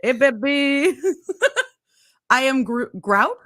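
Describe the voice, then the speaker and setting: A woman's voice: high-pitched, drawn-out words, a bit bright. A woman hosting a casual livestream chat, reading viewer comments aloud and laughing often. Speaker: host.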